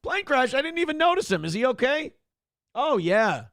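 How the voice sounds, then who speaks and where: A man's voice: very high voice, big pitch swings, moderate pace, a bit bright, no room sound, clean studio sound, voice pushed up, exaggerated voice. A man voicing a boastful male golfer who insists he played the hole perfectly, in a raised, bragging voice. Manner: bragging, defensive.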